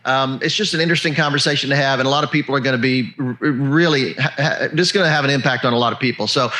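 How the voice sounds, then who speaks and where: A man's voice: mid-range voice, rapid-fire, bright, forceful tone. A man hosting a podcast, thanking his guest and then promoting his book in an upbeat way. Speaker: podcast host. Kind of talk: interview wrap-up and book promo.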